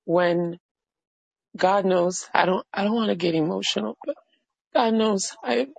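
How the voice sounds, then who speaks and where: Overwhelmed woman giving a halting testimony. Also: mid-range voice, vocal fry, husky, no echo, low-quality recording. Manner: halting, overwhelmed, with many restarts. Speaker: caller sharing a testimony. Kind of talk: emotional personal testimony.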